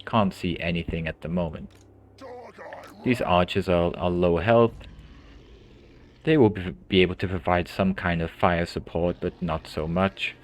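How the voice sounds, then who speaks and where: A deep-voiced man narrates a strategy game for beginners. He explains each move in a calm, thinking-aloud way, often repeating a word before going on. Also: a little slow, long pauses, a little hiss or hum. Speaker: gaming tutorial host. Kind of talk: gameplay commentary.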